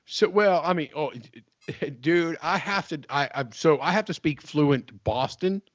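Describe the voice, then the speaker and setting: A man's voice: on the high side, measured pace, no echo, highs cut off. A man from West Virginia co-hosting a casual podcast chat, rambling and repeating himself with frequent laughs. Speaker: podcast co-host.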